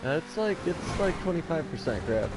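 A man's voice: a little high, sing-song, moderate pace. A man swearing and grumbling in mock annoyance while he plays and chats. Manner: swearing, mock-grumpy commentary. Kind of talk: casual gaming chat. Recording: noisy voice chat.

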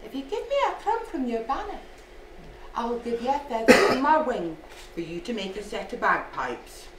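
A woman's voice: fairly high pitch, sing-song, moderate pace. A coaxing little robin, as a woman puts it on. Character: helpful little robin at a well. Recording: echoey room from far off.

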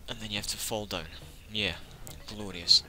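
A man's voice: fairly low pitch, steady tone, normal speed, over music. A man giving casual let's-play commentary, full of sarcastic, joking asides to the game.

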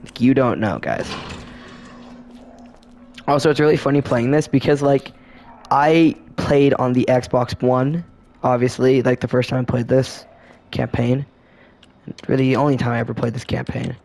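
A man's voice: mid-range voice, normal speed, long pauses, a little mellow, slight background noise. A man hosting a casual let's play commentary, rambling and laid-back with lots of filler words. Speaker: gaming channel host.

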